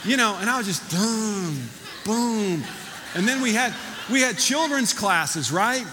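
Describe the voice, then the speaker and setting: Male pastor, emphatic sermon delivery, high bright voice, long church reverb with faint room noise. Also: unhurried. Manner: animated, emphatic preaching. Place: church hall.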